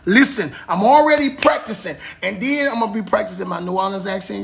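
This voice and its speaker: A man, a preacher, chatting casually with viewers on a livestream in an animated way, calling them y'all and baby. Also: high voice, brisk, creaky. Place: live stream.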